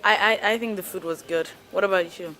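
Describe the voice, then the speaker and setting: A woman's voice: fairly low pitch, fast talker, fairly bright tone. A woman bantering playfully with friends at a restaurant table, teasing them. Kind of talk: casual banter. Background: pop music playing.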